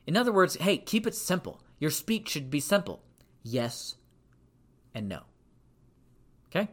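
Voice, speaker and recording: A man teaching from the Bible in a sermon style, emphatic, repeating phrases for stress and reading verses slowly. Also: a little high, big pitch swings, a bit bright. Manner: reads scripture slowly and deliberately.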